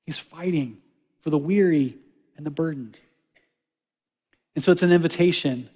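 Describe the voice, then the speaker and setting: Animated preacher man in reverberant church. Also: on the high side, moderate pace, pauses often, slightly rough. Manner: conversational, animated, drops to soft quiet lines for God's words. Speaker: pastor. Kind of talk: sermon. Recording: church hall with long reverb.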